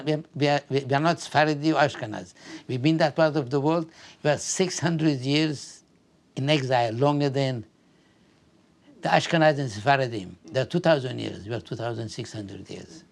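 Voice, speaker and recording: Creaky and mid-range, the voice belongs to an older Afghan man telling his life story for an oral history interview. He speaks haltingly, with many repeated words.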